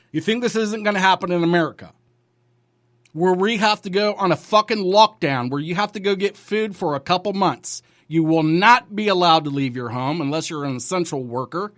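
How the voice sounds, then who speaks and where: A man's voice: high-pitched, brisk, a bit bright, no room sound, clean studio sound. A man hosting a news commentary show, blunt and profane, ranting over headlines.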